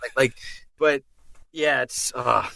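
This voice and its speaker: Guy chatting on a podcast, bright animated voice, dry close sound, keeps restarting. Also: mid-range voice, slow, creaky, dry recording. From Boston area. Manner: rambling, self-mocking, lots of fillers and restarts. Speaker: guest impressionist. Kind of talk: casual podcast chat.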